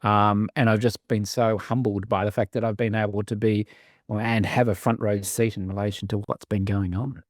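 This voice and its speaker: A man's voice: lowish voice, level tone, normal speed, no echo, studio quality. A middle-aged man, speaking as a chief executive in a podcast interview, articulate, wry and self-deprecating. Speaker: CEO of a business sustainability council.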